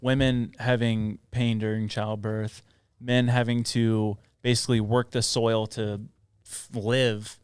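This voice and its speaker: A man's voice: mid-range voice, level tone, slow pace, few pauses, clear, resonant tone, no room sound, clean studio sound. A man co-hosting a podcast in casual chat, playful and rambling between jokes and offbeat theories. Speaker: podcast co-host.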